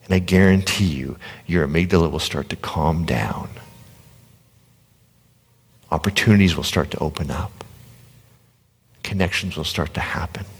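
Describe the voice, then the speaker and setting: A man giving an animated motivational talk to a live audience in a gym, acting out inner voices and sometimes dropping to a whisper. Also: low-pitched, breathy edge. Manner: animated, acts out quoted inner voices, drops to a whisper at times. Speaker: motivational speaker. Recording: long reverb of a large hall.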